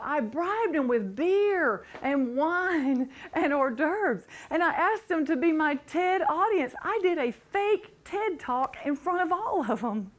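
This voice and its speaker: Animated woman telling a motivational story. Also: high voice. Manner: animated storytelling, builds from hushed to excited. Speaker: motivational speaker. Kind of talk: motivational talk.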